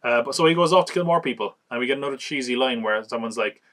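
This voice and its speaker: A man's voice: mid-range voice, a bit bright. Chatty amused man reviewing a movie. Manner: chatty, amused, recaps scenes with quick acted quotes. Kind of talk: casual movie review chat.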